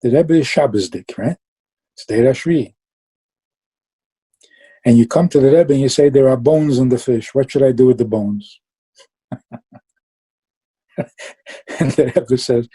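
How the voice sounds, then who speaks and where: Dark, husky-voiced man giving a Chassidic talk. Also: mid-range voice, unhurried, pauses often, poor audio. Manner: lively storytelling, mixing Yiddish and Hebrew terms. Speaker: Chassidic teacher.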